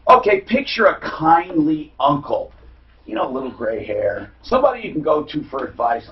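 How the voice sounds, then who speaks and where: A man's voice: a little high, very animated, normal speed, slightly rough, lo-fi sound. A man hosting a call-in radio talk show, giving blunt, opinionated advice to callers and reading live ads.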